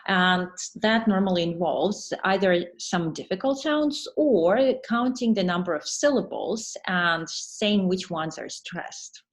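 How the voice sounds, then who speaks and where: A woman teacher trainer giving an online webinar lesson, explaining patiently and pausing to read answers from the chat. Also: mid-range voice, lively intonation.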